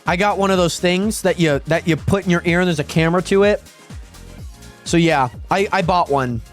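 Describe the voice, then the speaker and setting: High, lively young man streaming games. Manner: chatty, addresses viewers constantly, yelps excitedly during fights. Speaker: live streamer. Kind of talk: casual gaming livestream chat. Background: faint dance pop music.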